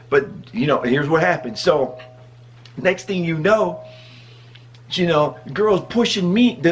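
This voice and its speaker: High-voiced man telling a story with laughs. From US Midwest. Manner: animated, laughs through his story. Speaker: vlogger. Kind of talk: casual storytelling.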